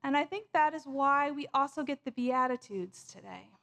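A woman pastor preaching a sermon in a measured, storytelling way. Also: high voice, expressive, gravelly, fairly bright tone.

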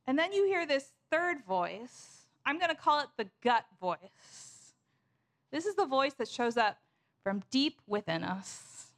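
A woman pastor preaching a sermon in a measured, storytelling way. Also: high-pitched, very animated, a bit bright.

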